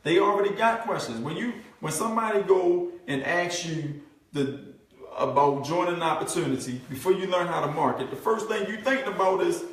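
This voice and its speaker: A man coaching a group on marketing, talking in a fairly high voice and acting out his prospects' thoughts. He keeps checking in with "right?" and repeats his points. The sound is heavily echoey, with the mic set well away from him. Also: fairly quick. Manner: animated, acts out prospects' thoughts; repetitive, asks "right?" often. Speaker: network marketing trainer. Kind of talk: live group coaching session. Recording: very echoey room, mic far off.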